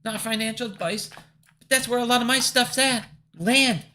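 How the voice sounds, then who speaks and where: A man delivering an angry, profanity-laced rant straight to his viewers. His voice sits high and bright, jumping from loud outbursts down to low grumbles. He sounds casual and heated throughout. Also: steady tone, normal speed. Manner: angry, profane, swings between shouting and muttering. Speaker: finance video host. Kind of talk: profane ranting commentary.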